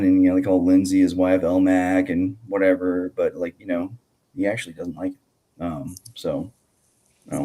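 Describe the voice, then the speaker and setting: A man hosting a relaxed podcast, his voice sitting very low. He talks in a loose, rambling way, full of fillers and false starts. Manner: rambling, many fillers and restarts. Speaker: podcast host. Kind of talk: casual podcast chat.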